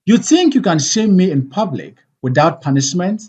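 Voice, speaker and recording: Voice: medium pitch, big pitch swings, normal speed, darkish tone, breathy edge. A reader voicing a proud, hot-tempered king who demands the truth, in a commanding, indignant way, in a play read aloud. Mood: angry. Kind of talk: audiobook play reading.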